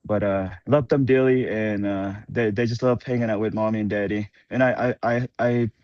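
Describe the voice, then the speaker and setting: A father talking on a group call in an earnest, halting way with many fillers. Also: on the low side, fairly even intonation, no room sound, highs cut off. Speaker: guest on a partners call. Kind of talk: casual chat.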